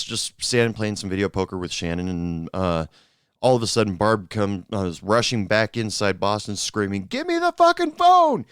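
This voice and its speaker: A man's voice: lowish voice, smooth, dry recording, studio quality. A man hosting a show and telling bar stories in a rambling, casual monologue full of fillers and restarts. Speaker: podcast host, former bartender.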